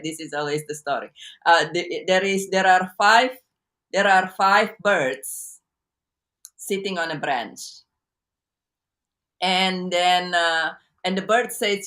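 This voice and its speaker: A woman coach talking as an interview guest on a video call, halting with many restarts and repeats as she teaches through a story. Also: deep voice, a bit bright. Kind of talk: casual interview talk.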